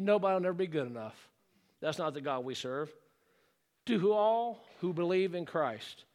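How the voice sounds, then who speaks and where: A male pastor preaching a fervent sermon to his church. He calls for congregational responses and rises into shouted exclamations. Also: high voice. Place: church sanctuary.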